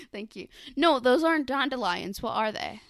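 A young woman co-hosts a podcast, chatting casually and retelling scenes with plenty of giggling. Her high voice is very animated yet slow, with vocal fry. The studio-quality recording has no echo.

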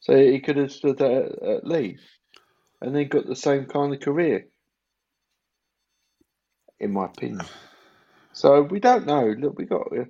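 A man's voice: mid-range voice, lively intonation, unhurried, pauses often, dark tone. A man co-hosting a podcast in casual chat, giving his opinions with hesitant restarts. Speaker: podcast co-host. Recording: dull lo-fi mic.

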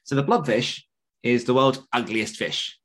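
A man co-hosting a podcast in relaxed conversation. His voice sits at an ordinary mid pitch, and he teases dryly before launching into long explanations. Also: measured pace. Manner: dry, teasing, explains at length. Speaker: podcast co-host. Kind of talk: casual chat.

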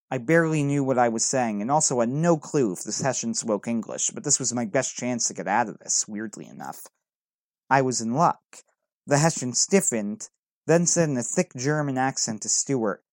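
A man narrates a first-person adventure in an earnest, dramatic reading voice. His pitch sits in the middle for a man. The recording is dry and close, with no room echo. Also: animated, normal speed, darkish tone.

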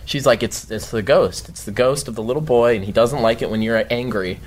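A young man tells a story in an easygoing way, breaking into loud, profane outbursts when he acts out what he said. His voice sits in an ordinary middle pitch, and his talk is loose and animated. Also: fairly quick, a little hiss or hum. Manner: animated, swears a lot, shouts quoted outbursts. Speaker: guest storyteller. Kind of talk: casual storytelling.

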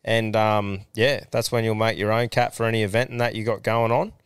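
A man's voice: on the low side, level tone, a little fast, clean tone, no echo, clean studio sound. An Australian man hosting a casual podcast, laid-back and swearing freely. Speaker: podcast host.

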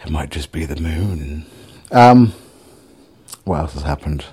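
Here the middle-aged vlogger's intonation is lively, though he goes a little slowly. He still rambles, sweary and self-deprecating, through his casual video diary in a very deep, husky voice with a dark, mellow tone.

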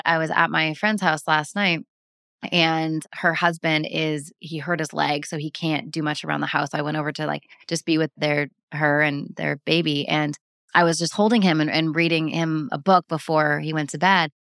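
A woman guest speaking calmly and earnestly in casual interview talk, with many "like" fillers. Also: low voice, no echo, clean studio sound. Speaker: breathwork practitioner, guest.

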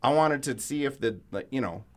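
Man, podcast co-host, casual chat, profane storyteller, swinging pitch. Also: animated, a little fast, noisy background. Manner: loose, profane storytelling with frequent laughs.

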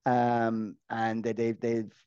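A man's voice: mid-range voice, completely flat delivery, slow pace, mellow, clear, resonant tone, dull audio. A man co-hosting a casual podcast, joking and laughing often as he talks, with frequent restarts. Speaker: podcast co-host.

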